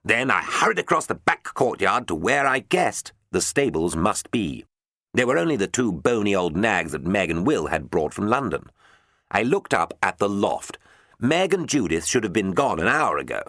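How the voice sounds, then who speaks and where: A man narrates an audiobook in an expressive storytelling manner, his voice on the low side at a moderate pace. The recording is clean studio sound with no room sound.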